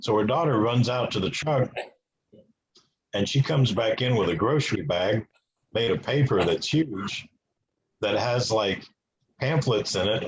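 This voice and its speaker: A man's voice: fairly low pitch, lively intonation, measured pace, long pauses. A man giving an earnest personal testimony as an interview guest. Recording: noisy with clicks.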